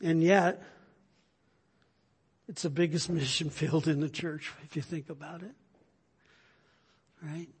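A man preaching a sermon, emphatic and full of rhetorical questions, swinging between loud urging and hushed, quiet points. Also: on the high side, fairly even intonation, slow pace, long pauses, slight background noise. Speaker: pastor.

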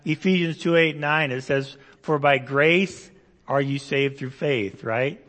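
A man's voice: mid-range voice, a little slow, fairly bright tone, in a large hall. A man preaching a Bible-teaching sermon, explaining verses conversationally with asides and rhetorical questions. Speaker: pastor.

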